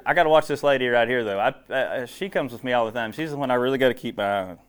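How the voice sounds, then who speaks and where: A man's voice: mid-range voice, very fast, clean tone. A man preaching casually to a small group in a meeting room, joking and folksy, chatty, recorded on a clip-on wire mic.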